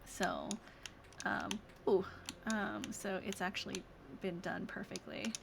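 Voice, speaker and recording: A young adult woman streamer chatting casually over a game, soft-spoken and gushing. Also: medium pitch, big pitch swings, slow pace, creaky, background noise.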